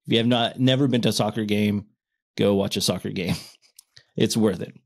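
A man in his thirties chatting casually on a podcast, stumbling and restarting his words when excited, laughing often. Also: lowish voice, moderate pace, vocal fry. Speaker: podcast co-host. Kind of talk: casual chat.

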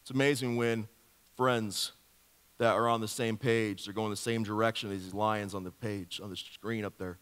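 A male pastor giving a sermon in a lively, joking storytelling manner, firing off rhetorical questions to the congregation. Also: on the low side, moderate pace, smooth. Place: church sanctuary. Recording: long hall reverb of a church.

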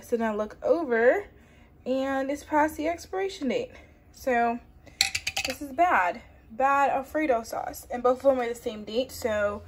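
A woman's voice: sits high, expressive, normal speed. A woman vlogging casually from her home kitchen, rambling and chatty with a lot of "like", in a New York accent. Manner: chatty, rambling, heavy use of "like". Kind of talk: casual vlog chat.

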